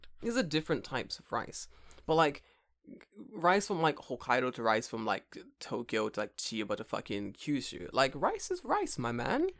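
Man, podcast co-host, casual chat, jokey and profane, very expressive pitch. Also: normal speed, no room sound, studio quality. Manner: animated, swearing, jokey, puts on voices.

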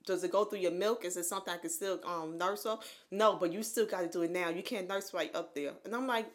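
A woman's voice: lowish voice, fast, hardly any pauses. A woman in her thirties telling a personal story on a casual podcast, acting out what others said to her. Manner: animated, acts out quotes of others. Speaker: podcast co-host.

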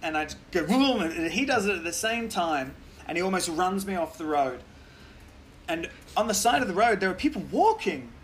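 An Australian man tells stories as a podcast guest, animated and loose with his language. His voice sits a little high for a man. Faint noise runs under the recording. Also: normal speed. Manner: animated storytelling, swears freely, laughs often. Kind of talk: casual podcast chat.

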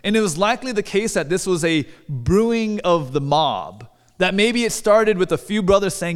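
A man's voice: sits high, expressive, moderate pace, clean tone. A man preaching a sermon in a church, conversational and asking the congregation questions. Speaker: pastor. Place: church sanctuary. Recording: long hall reverb.

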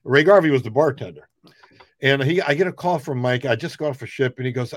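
A middle-aged man, a comedian guest, telling rambling, animated anecdotes. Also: mid-range voice, a little fast, dry recording. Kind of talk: casual storytelling.

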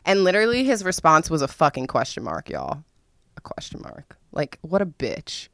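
A young woman telling a dramatic, profane story in a casual vlog, with sudden loud outbursts. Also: deep voice, wildly swooping pitch, moderate pace, creaky, dry recording, studio quality. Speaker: vlogger.

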